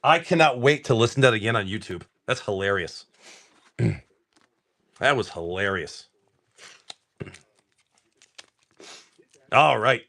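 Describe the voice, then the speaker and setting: A man hosts a casual card-opening livestream from home. He talks in an excitable, swear-filled way and exclaims over each pull. His voice is bright and forceful, and his pitch swings widely. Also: takes it slowly, pauses often.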